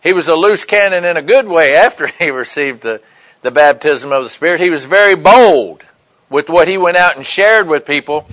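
Slightly high-voiced man preaching conversationally. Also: expressive, moderate pace, a bit bright, poor audio. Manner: conversational preaching with frequent "right?" and "okay" check-ins. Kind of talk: sermon.

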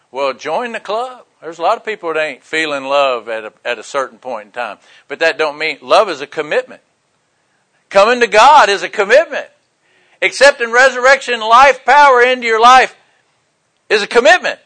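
An older man, preaching a sermon in a folksy, joking way, with loud bursts and quiet asides. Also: high-pitched. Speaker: pastor.

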